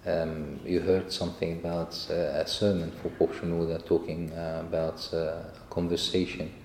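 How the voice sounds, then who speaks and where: A man's voice: low voice, flat delivery, moderate pace, a little mellow. Man, sermon Q&A, rambling storyteller, long hall reverb, background noise. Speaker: church speaker. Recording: echoey hall, noisy.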